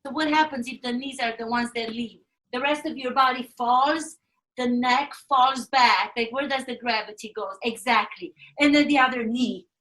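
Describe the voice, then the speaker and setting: A woman with a Romanian accent hosts a podcast as an acting coach, giving energetic directions. Her voice is high and bright. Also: moderate pace.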